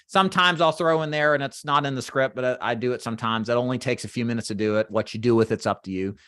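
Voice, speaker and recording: A man teaching final expense phone sales, walking trainees through a phone script and acting out sample call lines in a brisk sales voice, with frequent "right?" check-ins. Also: medium pitch, a bit bright, dry recording, studio quality. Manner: talks straight to trainees, checks in with "right?" and "does that make sense?". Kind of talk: instructional walkthrough of a phone script.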